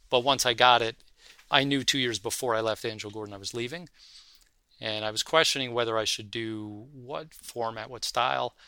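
A man, a fund manager, speaking from his office in an interview, telling his career story in an animated way and acting out the voices in his anecdotes. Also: medium pitch, dry recording. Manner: animated anecdotal storyteller, acts out quoted dialogue.

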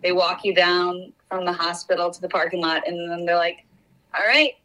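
A woman's voice: fairly low pitch, monotone, brisk, fairly bright tone, low-quality recording. A woman in her thirties calling into a podcast, easygoing and chatty. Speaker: caller, guest on phone. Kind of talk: casual phone chat.

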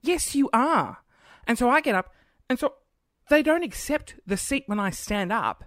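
A woman's voice: fairly high pitch, expressive, moderate pace, dry recording, studio quality. A thirty-year-old woman hosting a podcast, ranting in an exasperated, casual monologue full of swearing and acted-out scenes, talking at home by her computer. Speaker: podcast host.

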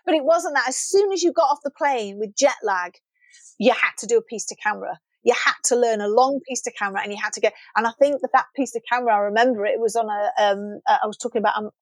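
Animated middle-aged woman reminiscing. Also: fairly high pitch, quick pace, no room sound. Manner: animated storytelling, acts out quoted dialogue. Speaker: guest, former children's TV presenter. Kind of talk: reminiscing interview chat.

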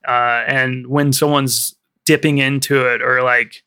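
A man's voice: mid-range voice, little pitch movement, measured pace, bright, forceful tone, smooth. A man co-hosting a film podcast in casual chat, rambling and swearing freely, with lots of "like" and "you know". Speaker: podcast co-host.

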